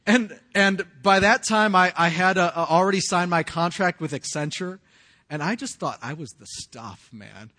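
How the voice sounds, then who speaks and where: A man's voice: high-pitched, moderate pace, sharp tone. A man in his forties preaching a sermon, telling his own story in a conversational way with casual slang and frequent restarts. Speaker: pastor. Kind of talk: sermon with personal testimony.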